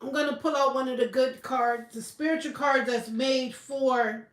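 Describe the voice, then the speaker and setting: A woman's voice: sits high, steady tone, normal speed. A woman chatting casually on a livestream, blunt and profane. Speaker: livestream host. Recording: roomy echo, slightly far from mic.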